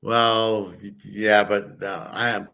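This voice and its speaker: A man with a somewhat low voice talks loosely to his viewers, hopping from one subject to the next. He is blunt and opinionated and never sounds scripted. It is relaxed, unpolished stream chatter. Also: slow pace, clear, resonant tone. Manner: blunt, opinionated, wandering from topic to topic. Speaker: livestream host answering chat. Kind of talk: casual rambling chat.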